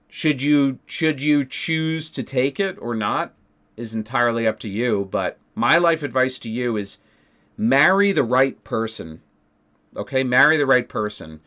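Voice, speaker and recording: A man's voice: mid-range voice, fairly bright tone. A man telling a story to his stream chat, ranting with heavy profanity and emphatic repeats. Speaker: Twitch streamer.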